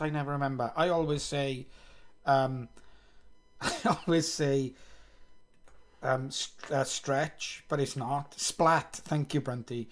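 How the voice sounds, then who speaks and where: A man's voice: mid-range voice, steady tone, takes it slowly, long pauses. A man streaming himself coding live, thinking aloud, reading code under his breath and poking fun at himself. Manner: muttering, self-mocking, reads code aloud.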